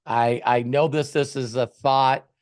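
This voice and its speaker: Man, motivational coach, rambling casual talk, middle pitch. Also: steady tone, unhurried, darkish tone, smooth. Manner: rambling, conversational, acts out scenes.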